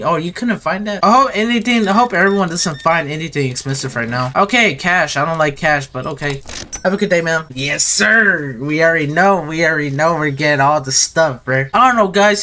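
A man giving casual, excitable gameplay commentary to his viewers, full of slang and rambling asides. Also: a little high. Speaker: gaming video creator.

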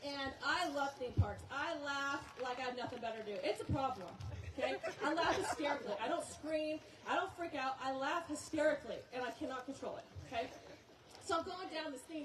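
A woman speaking to a church crowd, telling a story in a chatty, laughing way. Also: sits high. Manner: animated, laughing, chatty with frequent "okay?". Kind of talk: casual storytelling talk to a congregation. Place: outdoor church service. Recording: roomy, distant, with crowd and noise.

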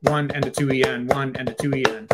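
A man's voice: medium pitch, fairly even intonation, fast talker, over loud music. A man, a drum teacher, explaining rudiments in casual chat, singing out the drum patterns and using many fillers.

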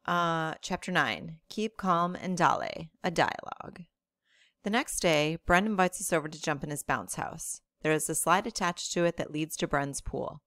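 Woman teacher reading a novel aloud to class, low voice with a gravelly edge, steady delivery. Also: normal speed, no echo, clean studio sound. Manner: steady, plain narration.

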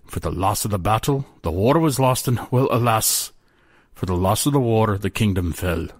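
A man's voice: fairly low pitch, lively intonation, normal speed, no echo, clean studio sound. Man voicing a wistful old ex-apprentice. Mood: solemn, wistful. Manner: old-fashioned storytelling speech, calls listener lad.

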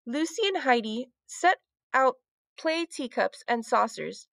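Teacher lady reading a kids book out loud, lively up and down voice, dry sound. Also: high-pitched, takes it slowly, no echo. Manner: clear, expressive storytelling. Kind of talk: children's book read-aloud.

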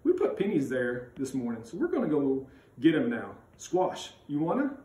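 A man's voice: medium pitch, huge pitch swings, normal speed, dark tone. A man voicing a cocky joking boy. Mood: boastful. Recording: roomy sound, mic at a distance.

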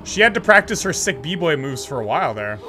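A man commenting on a horror game as he plays, excitable and joking, talking back to the screen. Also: fairly high pitch, a little fast, background noise. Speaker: gaming channel host. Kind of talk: let's play commentary.

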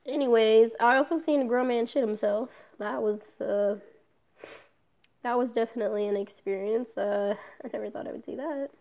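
A young woman with a slightly high, gravelly voice speaks at a moderate pace in a muffled recording. In a casual personal vlog she talks candidly, swears often, and trails off with fillers.

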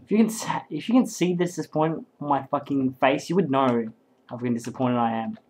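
A man commentates a game in an excitable, rambling stream, swearing freely as he goes. His voice sits at an ordinary middle pitch. Faint keyboard clicks tap away behind him. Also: fairly quick, slight background noise, low-quality recording. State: hyped up and sleep-deprived. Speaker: game caster.

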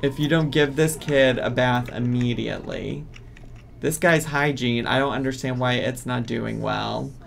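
A man's voice: medium pitch, measured pace, vocal fry. A man streaming a life-sim game, ranting in exasperation at the characters on screen. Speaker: gaming streamer. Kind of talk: casual gameplay commentary.

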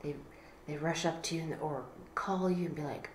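A woman's voice: low voice, steady tone, normal speed, roomy sound, a little hiss or hum, poor audio. A woman teacher explaining a class assignment in a conversational way, acting out quoted friends now and then.

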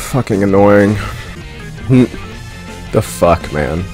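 Deep-voiced, foul-mouthed gamer man. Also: very animated, drawn-out words, faint music behind. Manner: irritable, swears constantly. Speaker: gameplay streamer. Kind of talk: let's play commentary.

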